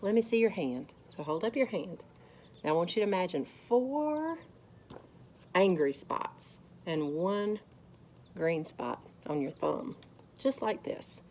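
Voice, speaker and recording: Woman, children's lesson leader; slow, lively delivery, faint hiss behind. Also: fairly low pitch. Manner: gentle, slow, guiding children through counting. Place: church.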